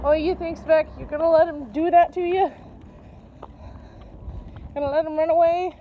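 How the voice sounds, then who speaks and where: A woman's voice: extremely high pitch, steady tone, normal speed, muffled recording, slight background noise. A woman walking her dogs outdoors and filming on a handheld camera, chatting to them in a playful, sing-song baby-talk. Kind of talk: casual chat to her pets while filming. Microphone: handheld camera or phone.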